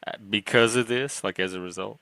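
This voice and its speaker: Man, host, low-pitched, short curious questions, casual interview, dry close sound. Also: a little fast, bright, forceful tone, no room sound.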